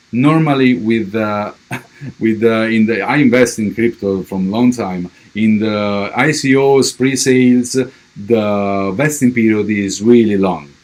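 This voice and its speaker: A man's voice: mid-range voice, a little mellow. A man with a strong Italian accent, a crypto project representative giving a livestream update and answering viewer questions, with many fillers and restarts.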